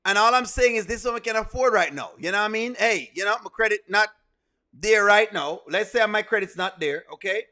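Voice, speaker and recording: A man with a Jamaican accent chats on a live reaction stream in a high-set voice. He teases and pleads with his viewers and breaks into laughter often. His tone is bright and ringing. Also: brisk. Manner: playful, pleading, laughs often, argues with the chat. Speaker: streamer and show host.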